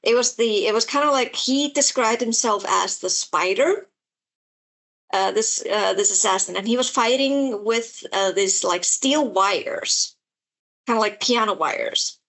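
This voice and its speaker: A woman's voice: fairly high pitch, unhurried, fairly bright tone. A woman co-hosting a podcast, talking casually about a book in a rambling way, full of fillers and restarts. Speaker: podcast co-host. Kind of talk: casual chat about books.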